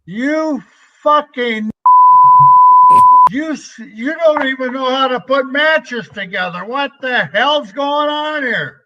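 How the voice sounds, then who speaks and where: A man telling an old story, acting out the shouted lines of the men in it. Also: extremely high pitch, slow pace, a little hiss or hum, exaggerated voice. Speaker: storyteller in played interview clip. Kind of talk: recorded shoot interview anecdote. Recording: muffled lo-fi clip played back.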